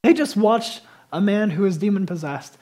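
Husky-voiced man preaching a passionate sermon. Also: high voice, big pitch swings, moderate pace. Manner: passionate, swings between loud emphasis and quiet intensity. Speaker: pastor.

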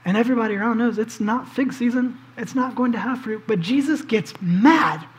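With a medium-pitched voice moving slightly fast, a preacher narrates a scripture story in a conversational sermon. He invites listeners to envision the scene, dropping frequent casual fillers such as "like" and "um."

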